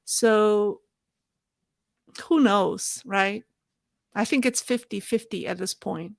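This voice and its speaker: A woman hosting a live show and answering viewer questions in a thoughtful, halting way. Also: medium pitch, vocal fry, no room sound, studio quality. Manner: thoughtful, halting, with restarts and soft laughs.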